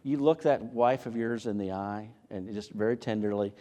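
A man preaching a sermon as pastor, animated, asking rhetorical questions and repeating words as he builds his point. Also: lowish voice, normal speed.

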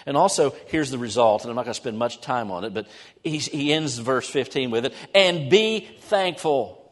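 Middle-aged male pastor, mid-pitched, lively conversational sermon, quick asides, dips into soft prayer. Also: in a large hall. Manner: conversational, animated preaching with sudden drops to soft prayerful tones. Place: church sanctuary.

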